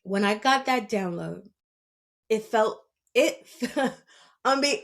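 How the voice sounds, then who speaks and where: Animated New York woman telling her story. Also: a little high, slow, creaky. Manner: animated storytelling with frequent laughs; blunt and salty. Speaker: podcast host. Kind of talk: casual spiritual monologue.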